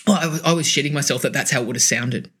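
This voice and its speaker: Aussie guy on a podcast, swears a lot, laughs easily, bright husky voice. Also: medium pitch, rapid-fire. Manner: bawdy, laughs often, swears freely. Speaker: podcast co-host. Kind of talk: casual podcast chat.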